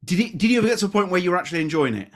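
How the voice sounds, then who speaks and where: A man hosting a podcast, chatty, quick to laugh and self-deprecating. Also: high voice, lively intonation. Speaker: podcast host. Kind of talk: casual podcast interview.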